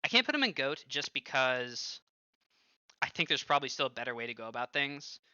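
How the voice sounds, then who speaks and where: A young man in his twenties, a streamer and former pro gamer, telling animated stories full of filler words and cursing. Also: mid-range voice, fairly quick, clear, resonant tone, no echo. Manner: animated storytelling, heavy use of filler like and swearing. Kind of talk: casual stream commentary. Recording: dull lo-fi, dry close sound.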